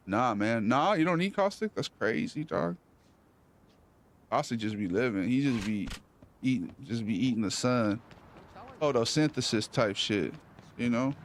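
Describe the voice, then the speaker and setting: A man's voice: medium pitch, slight background noise. A man chatting on a live stream in a joking, slangy, rambling way.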